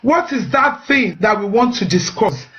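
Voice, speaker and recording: Hosting a marriage advice talk streamed live, this woman sounds animated and fairly bright, with a higher voice at a normal pace and lo-fi sound. Earnest and encouraging, she pushes her audience and tends to repeat words as she reaches for what comes next.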